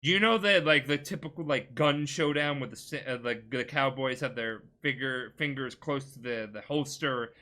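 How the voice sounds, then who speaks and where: A man's voice: medium pitch, normal speed, hardly any pauses, sharp tone. A tipsy man rambling through a game plot on a casual podcast, full of filler words and restarts. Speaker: podcast co-host.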